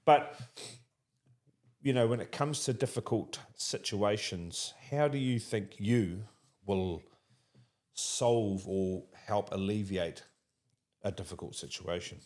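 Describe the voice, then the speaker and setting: Chatty New Zealand man, low voice. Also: slow. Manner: animated, laughs often, talks in restarts. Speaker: interviewer. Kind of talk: casual conversational interview.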